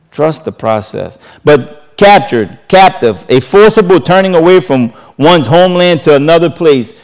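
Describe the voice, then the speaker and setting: A man preaching a sermon, repeating phrases and swinging between raised, emphatic lines and quiet, drawn-out ones. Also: on the high side.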